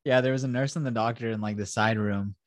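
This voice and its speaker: A man's voice: medium pitch, fairly even intonation, fast, dry recording, studio quality. A man hosting a casual podcast, animatedly retelling a film scene by scene, acting out the characters and swearing freely. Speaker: podcast host.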